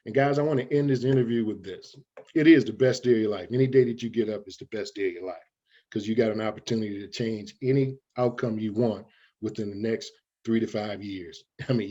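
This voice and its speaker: Man giving a preachy motivational pitch. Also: a little mellow, slightly rough, highs cut off. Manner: preachy, folksy, keeps addressing "guys". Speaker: guest. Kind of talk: motivational interview talk.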